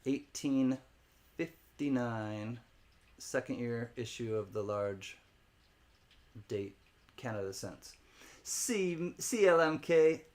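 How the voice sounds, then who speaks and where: A man's voice: medium pitch, expressive, takes it slowly, long pauses, darkish tone. A man hosting a live-stream coin auction, calling bids, greeting viewers by name and cracking jokes between lots. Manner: jokey, rambling, laughs often, chats with viewers by name; spells out words letter by letter for fun.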